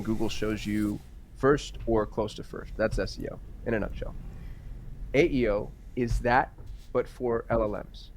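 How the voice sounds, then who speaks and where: A man guest on a podcast interview, an entrepreneur and author who talks in energetic, emphatic runs of lists. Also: on the low side, a little hiss or hum.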